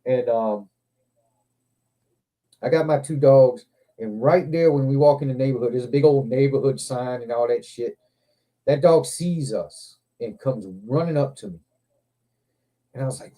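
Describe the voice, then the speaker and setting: Mellow-voiced man telling rambling stories. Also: medium pitch, normal speed, pauses often. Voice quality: profane, rambling, animated anecdotes. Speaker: livestream host. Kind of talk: casual storytelling chat.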